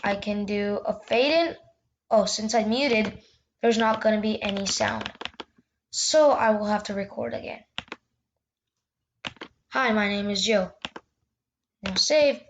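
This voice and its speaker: A woman's voice: medium pitch, slow, long pauses, slight background noise. A woman hosting a casual screen-recorded tutorial, talking loosely with restarts and little fillers. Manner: chatty, loose, with restarts and "yeah". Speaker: tutorial host.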